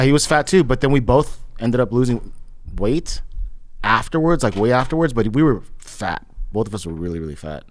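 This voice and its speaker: A man's voice: mid-range voice, dry recording. A man co-hosting a podcast in casual chat, emphatic and laughing between phrases. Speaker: podcast co-host.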